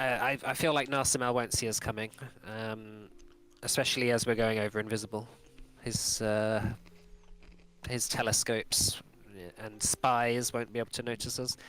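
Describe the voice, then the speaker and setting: A man's voice: lowish voice, a bit bright. A man running a tabletop game as game master, narrating with many fillers and restarts.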